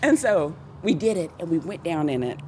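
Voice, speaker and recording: A woman, a podcast guest telling stories in casual chat, animated and laughing as she acts out what people said. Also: low-pitched, a little fast, background noise. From Texas.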